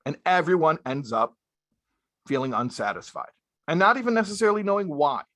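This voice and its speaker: A rabbi with a fairly high, sharp voice gives a spoken sermon-style lecture to young married men, animated and a little fast. He speaks emphatically, repeating his key phrases and weaving in Hebrew and Yiddish terms.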